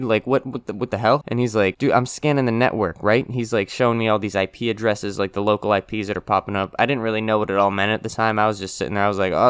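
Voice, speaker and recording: A man's voice: on the low side, clean tone, dry recording. A young man telling a school story to his channel in a loose, casual way, full of "like" and "right?" and some swearing. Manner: laid-back, swears, says "like" and "right?" often.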